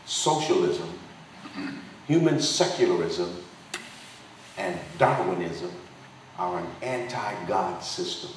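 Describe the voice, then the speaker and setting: A man preaching a passionate political sermon to a dinner crowd, driving his points home with repeated phrases and a preacher's cadence. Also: fairly low pitch. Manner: emphatic preaching cadence with repetition. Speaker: pastor and congressional candidate. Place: potluck dinner hall. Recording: distant echoey room recording with faint noise.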